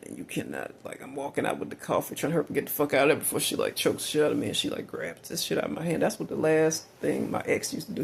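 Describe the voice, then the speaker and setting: A man's voice: mid-range voice, creaky, slight background noise. A man telling a long rambling story in a casual monologue, swearing freely and filling gaps with "uh" and "like". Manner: rambling, profane, lots of fillers.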